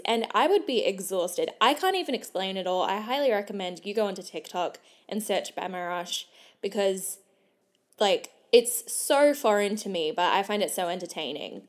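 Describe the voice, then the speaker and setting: A young woman hosting a podcast in a casual, gossipy chat, with lots of "like". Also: mid-range voice. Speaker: podcast host.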